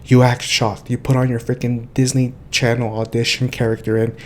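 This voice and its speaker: A young man co-hosting a podcast, chatting casually and telling animated, profane stories. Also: mid-range voice, normal speed, a little hiss or hum. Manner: animated storytelling, swears freely. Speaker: podcast co-host. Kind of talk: casual chat.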